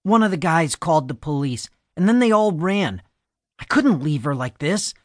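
A man's slightly high, natural voice, pitched above his own, has lively intonation at normal speed, recorded in clean studio sound with no echo. In an audiobook, he voices a frightened, skinny teenage boy who pleads in a panic.

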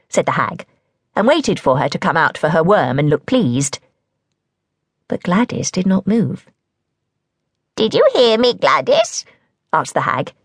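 A woman narrates a children's novel with a lively storyteller's lilt, her voice pitched low and rising and falling freely. Her tone is a little husky, and the recording is dry and close to the mic. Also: no echo. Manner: lively, expressive reading. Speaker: audiobook narrator. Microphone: close studio mic.

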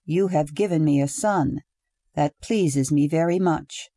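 A woman reading the lines of a calm, precise young husband who speaks in slow, measured words. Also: fairly high pitch, no room sound, studio quality. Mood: calm, detached.

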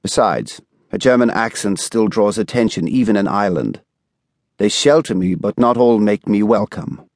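A man voicing an aging, cultured German exile with precise, carefully polished speech and a quiet, menacing edge. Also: fairly low pitch, moderate pace, no room sound, clean studio sound, natural voice.

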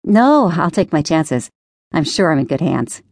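A woman's voice: low voice, sing-song, a little mellow, no echo, studio quality, heavily acted. A woman playing a wry, frank woman on a date. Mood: teasing. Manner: brisk, teasing and frank. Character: confident, wry Italian-American woman on a date.

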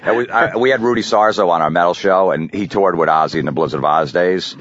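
Deep-voiced male radio host. Fast and crude. Dry, muffled studio sound. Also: fairly bright tone, no room sound. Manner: crude, joking storyteller. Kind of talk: casual radio banter.

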